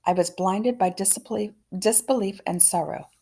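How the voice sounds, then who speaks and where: A woman's voice: medium pitch, normal speed, warm tone, breathy edge. A woman voicing a pompous, dramatic boy who speaks in grand, formal sentences, in a storybook read-aloud. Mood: mournful.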